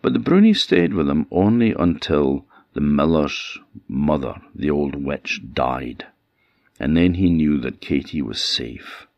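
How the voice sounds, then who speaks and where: A man with an Orcadian accent telling a traditional folktale with lively, dramatic delivery. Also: extremely low pitch, unhurried, vocal fry, dry recording, lo-fi sound. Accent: Orcadian Scots. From Orkney Islands. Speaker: traditional storyteller.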